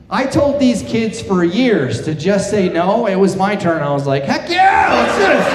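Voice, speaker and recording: A middle-aged man doing stand-up on a theater stage, his voice sitting high for a man. He tells self-deprecating stories and chats with the crowd. The hall rings with long, roomy reverb around his mic. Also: background noise. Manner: chatty self-deprecating storytelling with crowd work. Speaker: stand-up comedian. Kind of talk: stand-up comedy set. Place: theater stage before a live audience.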